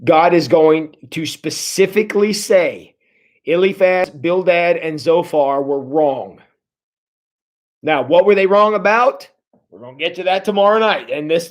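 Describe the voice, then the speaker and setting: A high-voiced man teaches a livestreamed Bible study as pastor, keeping it casual, conversational, and animated. He often restarts phrases, repeating words as he does, and speaks straight to the viewers.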